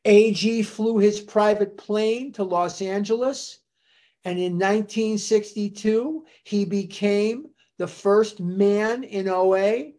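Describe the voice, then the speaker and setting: An older speaker tells the founding story of a recovery fellowship at a very unhurried pace. Dates and names come out one careful phrase at a time. The voice sits at a middling pitch. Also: darkish tone. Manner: slow, deliberate, recounting dates and names. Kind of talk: storytelling history talk.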